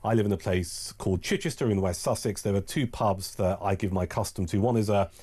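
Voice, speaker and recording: A man's voice: fairly low pitch, fairly quick, mellow, breathy edge. A man hosting a radio talk show, chatting casually and rambling with restarts in a studio.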